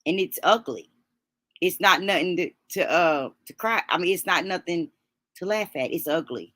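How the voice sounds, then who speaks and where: A grieving woman speaks in a low, husky-edged register, her words halting and full of restarts as she sniffles back tears. The sound is dry and close, with no room around her. She hosts a livestream and talks straight to her viewers. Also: lively intonation, a bit bright, dry recording. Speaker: livestream host. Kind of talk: emotional livestream talk.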